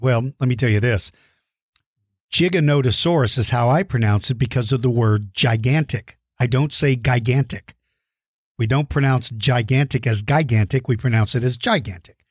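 A man's voice: mid-range voice, no room sound. Male kids' podcast host, friendly explainer, dry close-mic sound. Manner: friendly, explanatory, repeats words while thinking. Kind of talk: educational talk for kids.

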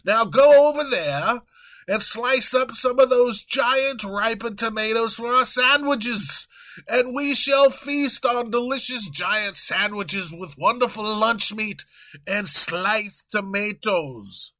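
A man voicing a pompous, gluttonous male king who commands loudly and yells when crossed, in a comedic audio story. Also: sits high, lively intonation, takes it slowly, pitched above the performer's own voice, exaggerated voice. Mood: boastful. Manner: blustery, commanding, prone to yelling.

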